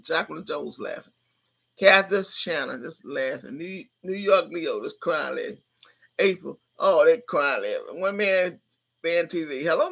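A woman's voice: medium pitch, creaky, bright, forceful tone, husky. A woman in her sixties hosting a livestream, reading viewers' comments aloud in a brash, profane way and laughing often. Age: 60s. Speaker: livestream host.

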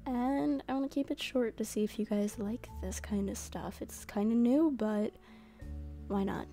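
A young female gaming host talking casually between game lines, chatty and goofy. Her voice is a bit high but dark and mellow in tone, with plenty of vocal fry. Faint music plays behind her. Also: unhurried. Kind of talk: casual gameplay commentary.

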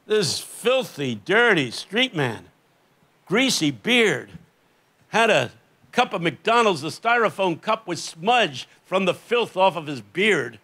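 A man's voice: high-pitched, sing-song, slow pace, pushed and bright. An older man preaching a sermon on a festival stage, telling stories with impassioned emphasis. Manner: impassioned storytelling, rising to emphatic peaks.

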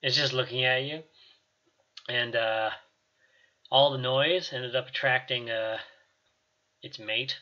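A man's voice: medium pitch, fairly even intonation, slow, pauses often, highs cut off. A man narrating as game master of a tabletop game, talking casually and rambling, with many fillers.

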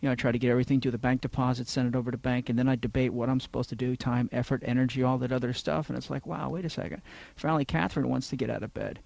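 Fast-talking, gravelly radio host, dry sound. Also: male voice, mid-range voice, no echo, muffled recording. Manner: rambling, joking, animated storyteller. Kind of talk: casual talk radio chat. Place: radio studio.

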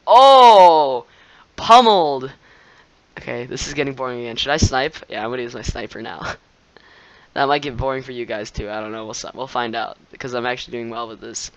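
An excitable young man commentates his own gameplay, laughing and yelling at opponents. His voice is bright and forceful, at a middle pitch. The sound is dry and close, with no room around it. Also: quick pace, no echo, poor audio.

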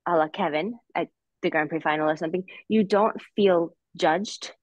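A woman in her thirties, a former skater, thinks aloud on a podcast. Her voice sits on the low side and reaches the ear close and dry. She talks in loose, reflective runs with frequent restarts. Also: moderate pace, darkish tone, no room sound, poor audio. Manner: reflective, many restarts and fillers. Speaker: guest, former figure skater. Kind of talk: podcast discussion.

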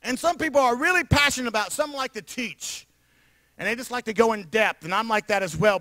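A man with a New York area accent, preaching a sermon as pastor in an animated, emphatic way with frequent laughter. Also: very high voice, no room sound. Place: church sanctuary.

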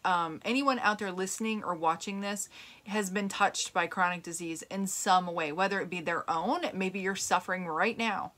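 Speaking to viewers and podcast listeners on her plant-based health show, a middle-aged woman talks in a casual, earnest, rambling way full of fillers and restarts. Her voice is fairly low and fairly bright, at a moderate pace.

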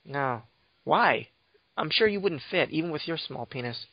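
A man's voice: fairly high pitch, animated, normal speed, gravelly, dry recording. Young guy podcast host, teasing and rambly, dry lo-fi sound. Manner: teasing, mock-offended, rambling. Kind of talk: casual banter. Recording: dull lo-fi dry audio.

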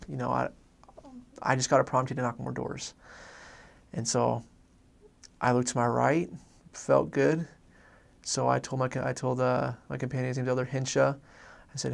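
A young man, a former missionary, telling a personal story in a halting way, repeating words and filling pauses. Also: medium pitch, little pitch movement, vocal fry.

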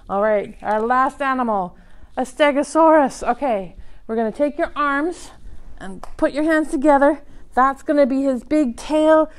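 A woman librarian leading a toddler storytime, reading in a slow, sing-song, animated way with loud sound-effect shouts. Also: high-pitched. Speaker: children's librarian.

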